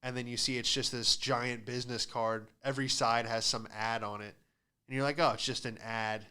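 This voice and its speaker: A man's voice: medium pitch, fairly even intonation, moderate pace, sharp tone, clean tone. A young man hosting a podcast, telling stand-up-style stories in a sarcastic, ranting way and acting out other people's voices. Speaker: podcast host and stand-up comic. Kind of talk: casual comedic monologue.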